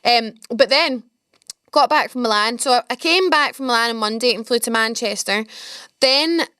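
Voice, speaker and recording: Young scottish woman rambling excitedly, pretty high voice, dead dry sound. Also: normal speed, clear, resonant tone, dry recording. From Scotland. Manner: chatty, rambling, excitable storyteller. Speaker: podcast host. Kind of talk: casual storytelling chat.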